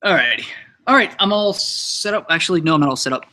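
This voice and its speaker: A man's voice: fairly high pitch, animated, quick pace, sharp tone. A young man hosting a live stream, chatting casually, rambling, swearing and laughing while he sets up. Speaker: stream host.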